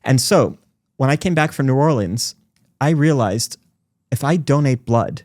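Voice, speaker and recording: A man in his forties, a podcast guest telling stories in fast, animated conversation. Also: medium pitch, dry recording, studio quality. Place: recording studio.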